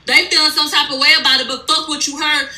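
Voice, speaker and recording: A woman's voice: high-pitched, level tone, fast talker, pushed and bright, echoey room, poor audio. A woman recapping a reality show in a casual, blunt and heated way, swearing freely. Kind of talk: casual profane storytelling recap.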